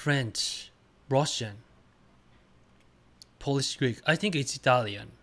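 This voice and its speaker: A male streamer in a mid-range voice chats casually while playing a guessing game. He speaks in halting, simple phrases, broken up by bursts of excited cheering.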